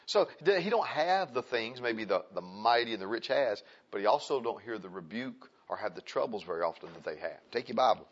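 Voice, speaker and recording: A man's voice: fairly low pitch, lively intonation, fairly quick, few pauses, lo-fi sound. A man preaching a sermon in a folksy, conversational way, asking his listeners frequent rhetorical questions.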